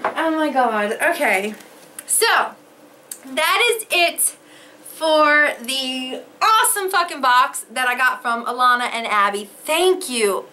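Excitable high-voiced woman unboxing mail. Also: slow pace. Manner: gasping, excitable, swears freely. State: overwhelmed with emotion. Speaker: vlogger opening fan mail. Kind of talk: casual unboxing chat.

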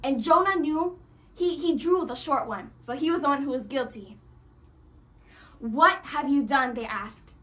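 A woman preaching a sermon, animated and acting out quoted voices as she addresses the congregation. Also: sits high, a little slow.

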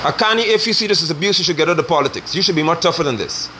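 A middle-aged man preaches with fierce, scolding force. His voice sits high and swings widely in pitch, bright and sharp at the edges. Faint noise hums behind him. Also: expressive, very fast. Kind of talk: fiery online sermon.

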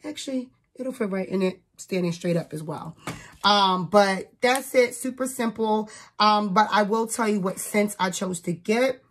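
A woman's voice: mid-range voice, unhurried, a little hiss or hum. Young woman vlogger from New Jersey, casual and chatty, peppers her talk with fillers, mid-range voice. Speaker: teacher. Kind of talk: casual chat, showing gifts to camera.

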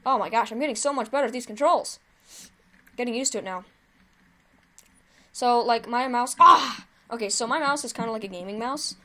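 Chatty, excitable woman commenting on gameplay. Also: a little high, a little fast, long pauses. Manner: chatty and excitable, cheering with exclamations. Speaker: gaming video host.

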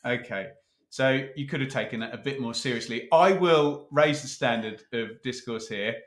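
A man hosting a casual chat, teasing his co-host in a playful, brisk way. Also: mid-range voice, fairly bright tone, reverberant. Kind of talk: casual chat ranking football kits.

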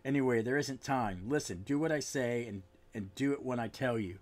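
A man reading out the lines of a kindly older homeless veteran in a casual comic recap, in a calm, matter-of-fact way. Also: medium pitch, moderate pace, natural voice. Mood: firm.

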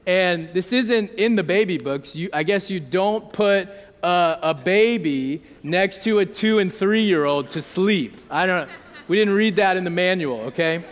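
A man's voice: high voice, measured pace. A man in his thirties preaching a sermon, telling a family story conversationally and often checking in with the audience. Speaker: pastor. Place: church hall. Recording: long hall reverb.

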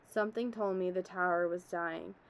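A woman's voice: on the low side, fairly even intonation, normal speed, natural voice, poor audio. A woman reading a story aloud, telling it as a man who survived a disaster, in an earnest, haunted way. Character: middle-aged man, former office worker, shaken survivor.

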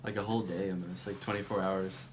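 A young man chatting casually as a guest, relaxed and laughing easily. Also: low voice, fast talker, slight background noise. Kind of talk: casual family chat.

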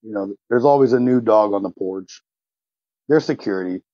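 A man's voice: lowish voice, normal speed, dark tone, no echo. A man playing a tabletop game, describing his hero's actions in a blunt, casual way. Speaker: player. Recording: slightly muffled lo-fi audio.

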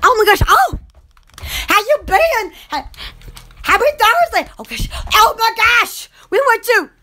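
A woman hosting a rambling, casual live chat with viewers, gushing with excited exclamations. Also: very high-pitched, unhurried. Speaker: live-stream host chatting with viewers.

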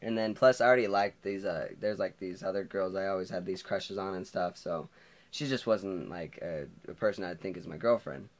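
A man's voice: deep voice, moderate pace. A teenage boy telling a storytime vlog, rambling with lots of hedges and self-corrections. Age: teens. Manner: rambling, many fillers and restarts. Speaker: vlogger. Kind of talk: storytime monologue.

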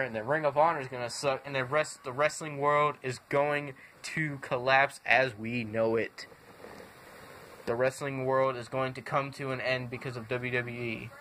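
A man's voice: mid-range voice, steady tone, moderate pace, bright, forceful tone, slight background noise. A young man ranting angrily and swearing constantly as a fed-up wrestling fan. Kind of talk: angry profane rant.

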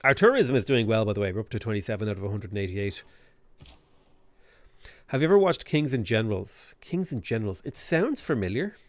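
A man's voice: fairly low pitch, expressive, fairly quick, no room sound. Chatty Irish-born man streaming a game. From Ireland. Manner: rambling and self-correcting, repeats words while thinking. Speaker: streamer reading chat. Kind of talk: casual live-stream chat while playing a strategy game.

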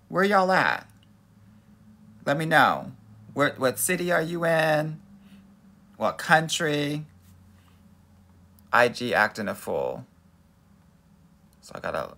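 A man's voice: a little high, big pitch swings, takes it slowly, gravelly, pauses often, bright, forceful tone. A man from Los Angeles, a dating coach hosting a live stream, greeting viewers and reading their comments in a sassy, playful way, calling them honey and girl. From Los Angeles, USA.

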